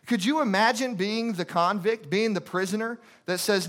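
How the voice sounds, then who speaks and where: A man's voice: sits high, normal speed, a bit bright. A man preaching a sermon as a guest preacher in a church, impassioned and repetitive, firing off rhetorical questions.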